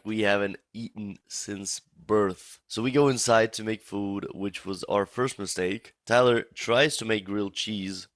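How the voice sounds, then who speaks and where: A young man narrates a comic storytime in a loose, casual way, swearing freely and piling on exaggeration. His voice sits fairly low. The recording is dry and close, with no room sound. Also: no echo. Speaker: storytime YouTuber.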